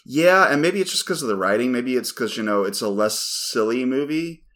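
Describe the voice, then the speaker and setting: A man co-hosts a podcast, chatting casually while he rambles and swears freely. His voice sits at medium pitch with a slightly bright tone, moving at normal speed with lively intonation.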